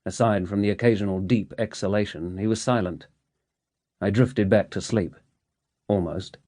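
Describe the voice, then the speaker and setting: A man reading a novel aloud in first person, with measured, steady storytelling. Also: lowish voice, dry recording, clean studio sound. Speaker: audiobook narrator. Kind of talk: scripted first-person narration.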